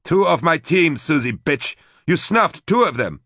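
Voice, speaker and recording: A man voicing a vicious, unhinged male gang leader who snarls and shouts threats in an audiobook. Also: medium pitch, very animated, normal speed, no room sound, clean studio sound, voice pushed up. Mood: enraged. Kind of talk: audiobook character voice.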